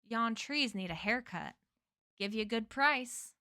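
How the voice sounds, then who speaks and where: A woman's voice: mid-range voice, unhurried, fairly bright tone, no room sound, studio quality. A woman reading a novel aloud, voicing a sinister shape-shifting man who taunts his captives and slips between put-on accents. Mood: put-on drawl.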